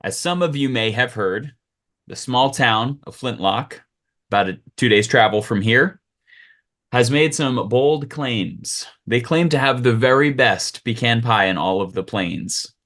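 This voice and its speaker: A man's voice: medium pitch, fairly bright tone, lightly acted. A man doing a bossy minion boss's interpreter. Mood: commanding. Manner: brisk, bossy briefing. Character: gruff male interpreter for a boss, commanding.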